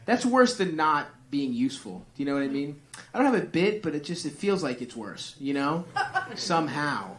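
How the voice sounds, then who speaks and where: A man's voice: a little high, sing-song, moderate pace, a bit bright. A man doing stand-up on stage, rambling through profane, self-deprecating crowd work. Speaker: stand-up comedian. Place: comedy club stage. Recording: live comedy club with crowd noise.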